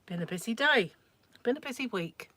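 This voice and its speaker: A woman's voice: fairly high pitch, animated, moderate pace, bright, forceful tone. A middle-aged woman hosting a crochet livestream at home, chatting casually and laughing often as she rambles through viewer comments.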